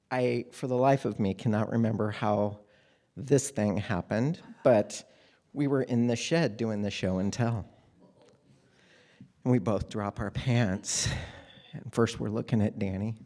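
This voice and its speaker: A man telling a personal story on stage, candid and wry, with animated moments. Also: medium pitch.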